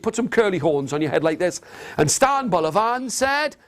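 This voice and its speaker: A man telling an interactive story to nursery children in a classroom, animated and coaxing, getting them to copy his gestures. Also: high-pitched, normal speed, a little hiss or hum. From England. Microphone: video camera. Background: guitar.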